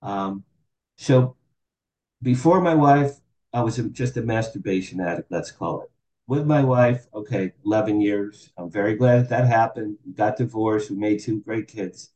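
60s guy telling stories on a podcast, mellow dark voice, plays out every quote, roomy echo. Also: on the low side, moderate pace. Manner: animated, acts out quoted dialogue. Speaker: podcast guest. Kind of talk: candid storytelling interview.

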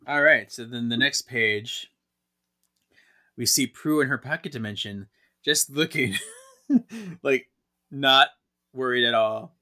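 Casting: giggly male podcast co-host, bright energetic tone, casual comic recap. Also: medium pitch, slow, long pauses. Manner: giggly, laughs often while narrating.

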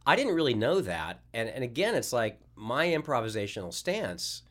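A man's voice: mid-range voice, big pitch swings, moderate pace, fairly bright tone. Rambling male voice actor telling stories. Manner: rambling, many restarts, laughs at own stories. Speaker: guest voice actor. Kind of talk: casual podcast interview.

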